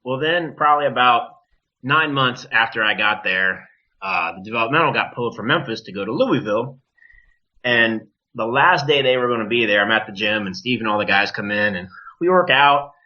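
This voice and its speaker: Animated man telling a wrestling story. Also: mid-range voice, moderate pace. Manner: animated, profane, acts out quoted voices. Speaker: wrestler, podcast guest. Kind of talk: casual storytelling. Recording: dull lo-fi podcast audio.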